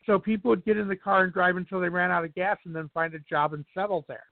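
A man's voice: high-pitched, fairly even intonation, fast, creaky, no room sound. A man as a podcast guest in casual chat, rambling through anecdotes with many restarts. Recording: dry tinny phone-like sound.

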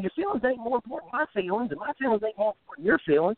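A man's voice: extremely high pitch, sing-song, very fast, few pauses, dry recording. Fired-up profane man on a phone line. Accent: rural American Southern-style drawl. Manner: blunt, profane, fired-up ranting with many restarts. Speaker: guest musician. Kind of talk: phone interview. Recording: tinny phone line, dry.

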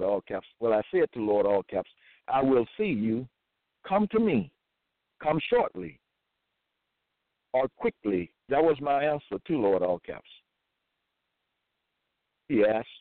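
A man preaching alone, reading scripture verses aloud in a slow, formal, deliberate cadence. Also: medium pitch, dry recording. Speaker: self-styled religious preacher. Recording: tinny phone-like dry audio.

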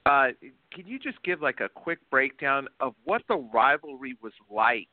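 A man's voice: medium pitch, sing-song, moderate pace, no room sound. A man co-hosting a casual hockey talk show, teasing his co-host and hesitating as he asks questions. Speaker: podcast co-host. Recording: tinny phone-like line.

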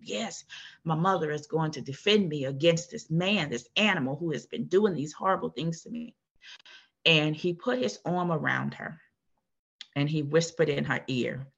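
A woman guest telling her own story in an earnest, measured way, with a husky voice. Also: low-pitched, highs cut off. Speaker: interview guest. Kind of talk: personal testimony.

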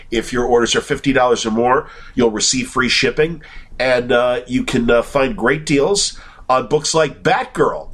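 A man with a Chicago accent and a cold, hosting a podcast and rambling through his intro with many pauses and fillers. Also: medium pitch, a bit bright. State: has a cold. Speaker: podcast host.

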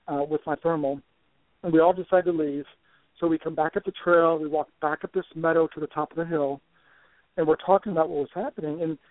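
An older man telling a long story as a guest on a talk show, animated and often restarting his words. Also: on the high side, dry recording. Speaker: guest researcher. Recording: tinny dry phone line.

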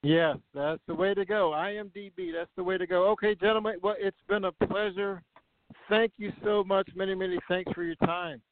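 A man's voice: high-pitched, steady tone, moderate pace, a little hiss or hum. A man hosting an interview show, giving brief enthusiastic reactions and signing off. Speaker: host. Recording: dry, phone-like audio.

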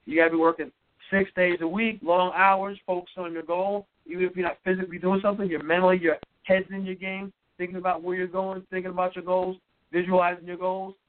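A man's voice: high-pitched, little pitch movement, fast talker, a little hiss or hum. A man hosting a motivational radio talk, preachy, calling listeners "folks" and asking "guess what". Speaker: radio host. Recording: tinny phone-line radio audio.

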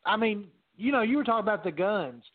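This podcast co-host talks fast in a high-pitched voice, keeping the chat casual, animated and full of profanity while doing voices for the people he quotes. His audio is dry and phone-like, with no room sound.

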